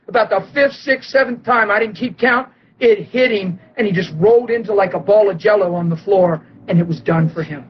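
A man preaching and telling a story, animated and excitable, acting out quotes and laughing often. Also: sits high, brisk, dull audio. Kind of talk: sermon storytelling.

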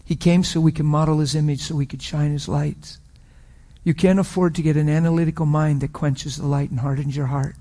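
A middle-aged man preaching, telling a personal story with emotional swings from loud declarations to hushed whispers. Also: on the high side, steady tone, fairly quick. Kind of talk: sermon testimony.

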